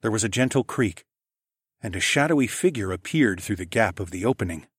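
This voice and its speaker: Low-voiced man narrating a story. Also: lively intonation, a little fast, slightly rough, no echo, clean studio sound. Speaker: audiobook narrator. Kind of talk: first-person story narration.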